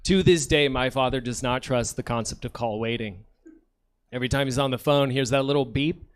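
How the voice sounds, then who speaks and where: A man's voice: medium pitch, a little fast. A man in his thirties from Ukraine doing a stand-up set on a comedy theater stage, joking with apologetic, self-deprecating asides. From Soviet Union, Ukraine.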